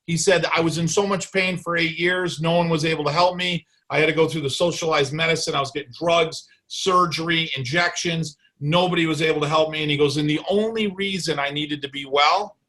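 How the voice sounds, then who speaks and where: A chiropractor tells an interview story in an animated, blunt way, with swearing along the way. His voice is bright and forceful, and it sits a little high for a man. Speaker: chiropractor guest.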